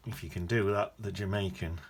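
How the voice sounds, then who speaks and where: Brief: male painting tutor, deep voice, rambling self-correcting chat, noisy background hiss. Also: fairly even intonation, a little fast. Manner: chatty, thinking aloud while painting, self-correcting. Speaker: watercolour painting teacher. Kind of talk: casual painting demonstration. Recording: noticeable background noise.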